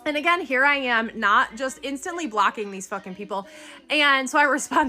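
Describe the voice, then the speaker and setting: A woman telling a dating story in casual storytime style, animated and indignant. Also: sits high, moderate pace.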